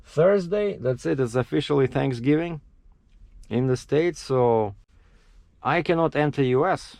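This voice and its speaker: A man's voice: fairly high pitch, unhurried, dry recording. A man, a truck driver, telling stories in a casual vlog and acting out what people said, with a dry close sound. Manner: animated, acts out his own quotes, laughs at himself.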